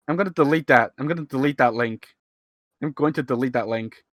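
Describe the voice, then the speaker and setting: A brisk, medium-pitched voice with a fairly bright tone belongs to this twenty-something Hong Kong streamer. In casual live-stream commentary on an old video of his, he rambles, chuckles and makes fun of himself in partly American-leaning Hong Kong English. It's recorded on a cheap USB mic, with studio quality and no room sound.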